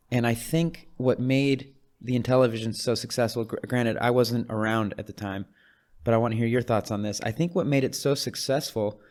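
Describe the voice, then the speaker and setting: Young guy cohosting a podcast, mid pitch, eager, keeps correcting himself. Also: a little mellow. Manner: eager, self-correcting, reads facts aloud. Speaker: podcast co-host. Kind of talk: casual chat.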